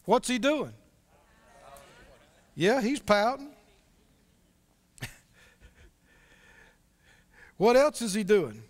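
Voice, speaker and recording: A man's voice: sits high, sing-song, takes it slowly, long reverb tail. A man preaching a sermon as pastor, conversational, asking his congregation questions as he reads.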